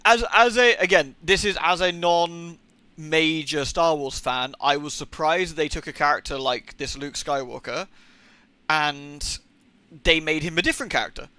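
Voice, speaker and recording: A man's voice: fairly high pitch, unhurried, sharp tone, smooth, dry recording. A young adult man chatting casually on a live gaming stream, rambling and swearing, with rants of disbelief. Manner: rambling and profane, incredulous rants.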